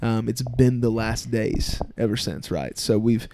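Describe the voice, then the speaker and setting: Brief: young male pastor guest, mid-pitched, careful explainer with lots of ums. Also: dark tone, slight background noise. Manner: thoughtful, measured, many ums. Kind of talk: casual podcast chat.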